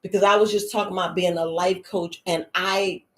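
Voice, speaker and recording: A woman life coach chatting casually on a livestream to her viewers, animated and laughing, often acting out what people say. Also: on the low side, brisk, reverberant. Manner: animated, laughing, acts out quoted voices.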